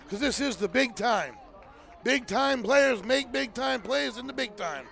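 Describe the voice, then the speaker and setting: A man calling a high school football game live as play-by-play announcer, often shouting with excitement over the plays. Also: measured pace, vocal fry. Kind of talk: live sports commentary.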